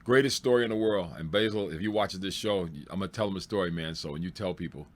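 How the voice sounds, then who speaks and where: A man, a stand-up comedian, telling road stories in a loose, excitable way, laughing and swearing as he goes. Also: deep voice, quick pace, a little hiss or hum. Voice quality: excitable, swears freely, laughs through punchlines. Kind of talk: animated storytelling.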